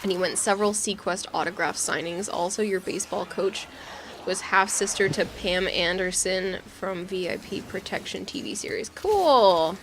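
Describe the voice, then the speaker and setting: A woman's voice: mid-range voice, normal speed, fairly bright tone, a little hiss or hum. A young adult woman streaming, telling stories in a chatty way and laughing often. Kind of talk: casual gaming stream chat.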